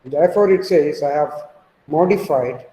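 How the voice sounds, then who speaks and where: Slow Indian-accented man lecturing, echoey. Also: fairly high pitch, mellow. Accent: Indian English. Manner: slow, deliberate, repeats key points. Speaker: webinar speaker. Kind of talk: academic lecture presentation. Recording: echoey room sound.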